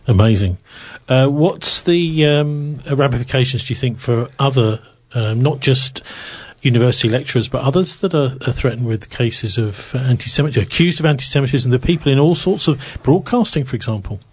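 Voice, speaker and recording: A man hosting an interview, asking questions with many fillers and pauses. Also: mid-range voice, darkish tone, slightly rough. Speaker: interview host.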